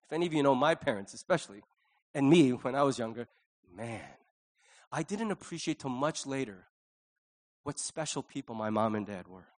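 A male pastor preaching a sermon in an earnest way, dropping to a hush and then rising loud. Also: mid-range voice, expressive, moderate pace. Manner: earnest, swings from hushed to loud.

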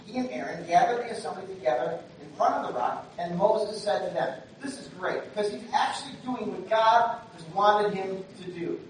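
High-voiced preacher in a very echoey hall. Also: male voice, animated, normal speed, hardly any pauses. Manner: conversational preaching that swings between quiet asides and loud emphatic bursts. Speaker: pastor. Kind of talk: sermon. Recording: very echoey room from far off, faint noise.

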